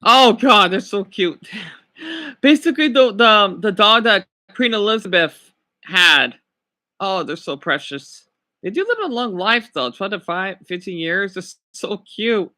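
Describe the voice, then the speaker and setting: A man's voice: high-pitched, animated, pushed and bright. A man chatting casually on a livestream, gushing and drawing out his words. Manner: gushing, drawn-out swoops when cooing over dogs.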